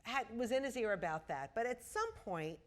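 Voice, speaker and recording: A woman's voice: fairly high pitch, animated, normal speed. A woman interviewing a guest on stage, chatty and playful, laughing easily. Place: auditorium before a live audience.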